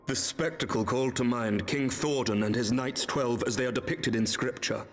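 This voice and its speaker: An actor playing an earnest young male knight commander in a video game, speaking gravely and formally over game music. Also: medium pitch, normal speed, close to an everyday voice. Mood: solemn. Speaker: game character voice.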